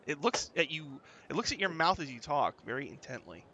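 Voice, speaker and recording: A man narrating a tabletop game as game master, in a halting way with many fillers. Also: fairly high pitch, very animated, sharp tone, highs cut off, a little hiss or hum.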